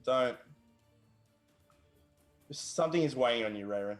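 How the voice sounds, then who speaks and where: A man voicing a steady, caring leader in a tabletop role-play, talking calmly with hesitant pauses. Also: medium pitch, soft background music, close to an everyday voice. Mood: concerned. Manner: calm, hesitant, with filler pauses.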